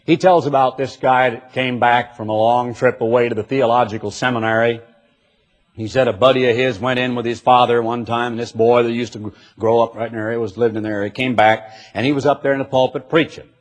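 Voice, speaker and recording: A man preaching a sermon, reading scripture slowly and telling folksy stories with emphatic delivery. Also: medium pitch, fairly even intonation.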